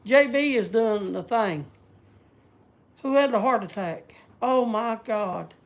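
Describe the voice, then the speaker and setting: A man's voice: high voice, takes it slowly. A man chatting casually on a livestream, rambling and searching for words. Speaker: vlogger.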